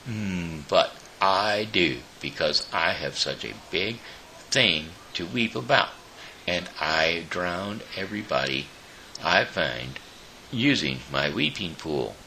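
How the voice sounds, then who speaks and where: A gruff old rhinoceros from a children's storybook, angry at intruders and sorry for himself, as a man reads him out. The voice sits very low with a gravelly edge, yet swings widely as it complains. It talks slowly and heavily. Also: animated, bright, forceful tone, slight background noise, exaggerated voice, low-quality recording. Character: old self-pitying male rhinoceros, angry and vain. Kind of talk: storybook read-aloud.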